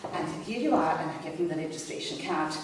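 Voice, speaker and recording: A woman's voice: low voice, quick pace. Chatty Scottish woman doing stand-up. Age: 50s. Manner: chatty, self-mocking. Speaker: stand-up storyteller. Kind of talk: comic stand-up anecdote. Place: stage in a hall. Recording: echoey hall from far off, noisy.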